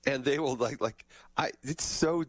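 A man's voice: medium pitch, unhurried, no echo. Middle-aged guy host, jokey storyteller, dry close mic sound. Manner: jokey, self-deprecating storyteller. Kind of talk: casual interview chat.

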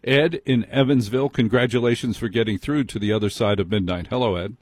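A man's voice: medium pitch, brisk, dry recording, studio quality. A man hosting a late-night call-in radio show, wry and self-mocking as he chats with callers. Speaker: radio talk show host. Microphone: studio microphone.

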